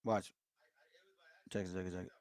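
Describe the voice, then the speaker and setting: A man's voice: low-pitched, level tone, normal speed, darkish tone, no room sound. A man casually teaching the Bible, reading verses aloud and explaining them in laid-back street talk to his listeners.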